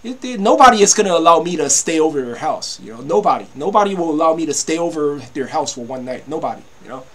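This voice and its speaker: A man's voice: fairly high pitch, expressive, quick pace, fairly bright tone. A man in his fifties ranting to camera, agitated and repetitive, stammering through restarts and swearing freely. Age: 50s. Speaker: vlogger.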